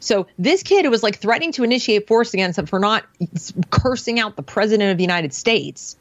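A woman's voice: medium pitch, brisk, dry recording. A woman in her forties tells a story conversationally and animatedly, acting out the dialogue of the people in it. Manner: animated, acts out quoted dialogue. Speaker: parent interviewee. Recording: dull, slightly muffled dry sound.

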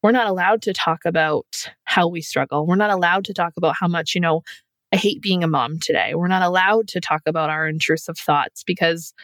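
Woman podcast guest, low-pitched, open and reflective, dry close mic. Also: steady tone, a little fast, hardly any pauses, fairly bright tone, no echo. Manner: candid, reflective, many "like" fillers. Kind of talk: casual conversation.

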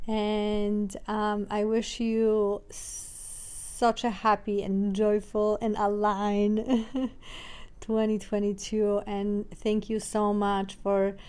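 A woman's voice: mid-range voice, little pitch movement, takes it slowly, a little mellow, clean tone. A woman hosting her own podcast, talking in a heartfelt, rambling way with many fillers and restarts. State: tearful, getting emotional. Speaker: podcast host. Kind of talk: solo podcast reflection.

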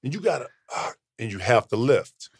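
A man in his forties, a former pro athlete, telling animated, profane stories as a guest in a casual podcast studio chat. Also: mid-range voice, moderate pace, slightly rough. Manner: animated, profane, swaggering storyteller.

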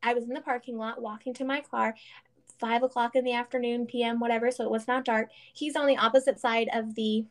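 A woman's voice: a little high, brisk. A woman in her thirties, co-hosting a casual chat and telling stories earnestly, with lots of fillers. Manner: earnest, animated storytelling with many fillers.

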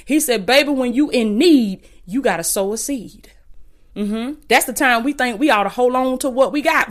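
A woman's voice: fairly high pitch, animated, fairly quick. A woman with a Southern Alabama accent preaching fervently on her podcast from home, repeating lines and calling listeners "baby". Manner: impassioned, repetitive, calls listeners "baby".

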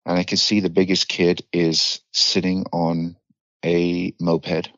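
Deep-voiced British man telling blunt stories. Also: monotone, slow pace, fairly bright tone, no room sound. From United Kingdom. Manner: vivid blunt storyteller, swears freely, acts out quoted lines. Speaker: guest. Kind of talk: candid storytelling in a podcast interview. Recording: slightly dull dry recording.

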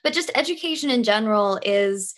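A woman's voice: fairly high pitch, lively intonation, fairly quick. A woman actress talking as a podcast guest, articulate and thoughtful, laughing easily. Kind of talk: casual interview chat.

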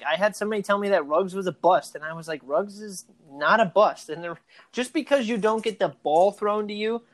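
A podcast co-host in casual sports talk, chatty and animated, arguing points at length. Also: medium pitch.

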